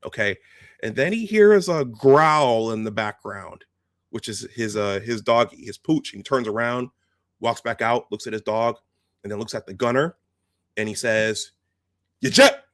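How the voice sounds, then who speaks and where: A man's voice: lowish voice, animated, normal speed, no room sound, studio quality. A man hosting a video, casually recounting film scenes step by step and quoting the lines as he goes. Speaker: host.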